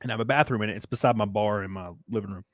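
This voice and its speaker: A young man hosting a podcast, chatting casually, animated and quick, swearing and laughing as he tells stories. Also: lowish voice, no echo, studio quality. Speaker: podcast host. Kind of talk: casual chat.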